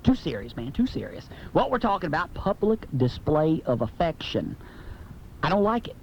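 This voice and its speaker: A man's voice: a little high, sing-song, normal speed. Brash, opinionated man hosting late-night talk radio. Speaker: radio talk show host. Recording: lo-fi AM radio tape with faint hiss.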